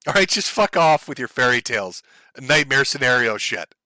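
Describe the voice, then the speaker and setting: A man's voice: mid-range voice, sing-song, moderate pace, bright, forceful tone, no echo. A man hosting a livestream, ranting in a heated, profane and sarcastic way about current events. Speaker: streamer host.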